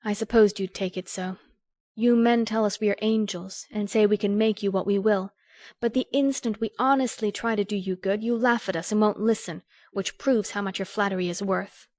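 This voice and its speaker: A sharp-tongued young woman lectures in a crisp, earnest, scolding tone, as a woman reading a storybook voices her. Her pitch sits well above the reader's own narration. The sound is close and dry. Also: normal speed, no room sound, lightly acted. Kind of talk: audiobook character voice.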